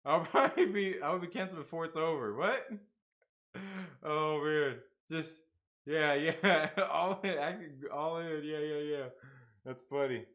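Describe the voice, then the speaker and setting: A young man hosting a casual livestream, reading chat and laughing often as he swings between loud outbursts and low asides. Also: measured pace.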